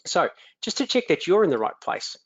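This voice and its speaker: A man's voice: high-pitched, big pitch swings, a little fast, fairly bright tone, breathy edge, no room sound. An Australian man hosting a live webinar as a business coach, upbeat, greeting attendees by name with frequent ums. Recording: dry, dull lo-fi webinar audio.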